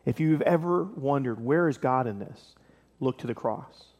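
A man preaching a casual, animated sermon, explaining scripture and acting out the characters with playful voices. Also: mid-range voice, measured pace, in a large hall, muffled recording. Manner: animated, acts out biblical scenes with playful voices and laughs. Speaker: pastor.

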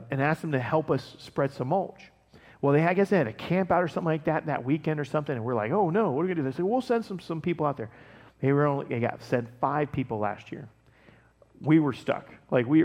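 A male pastor giving a casual, conversational sermon, animated and laughing often as he tells stories. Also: mid-range voice, big-room sound.

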